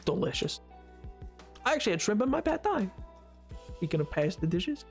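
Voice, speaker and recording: Playful, gravelly young male streamer. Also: sits high, very animated, a little fast, pauses often, soft background music. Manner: playful, teasing banter with chat. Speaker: game streamer. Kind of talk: casual live-stream chat.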